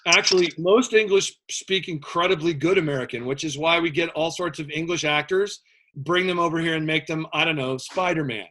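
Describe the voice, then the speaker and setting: A male history teacher lecturing a class in a loose, conversational way. His voice sits a little high for a man, and he drifts into joking asides full of fillers before circling back to the lesson. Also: a little fast, a bit bright.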